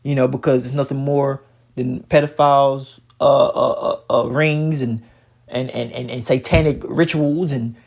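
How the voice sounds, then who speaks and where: A man's voice: mid-range voice, steady tone, a little slow, vocal fry, a little mellow. A man giving profane, preachy religious commentary while reacting to a video, talking emphatically with many stammered restarts.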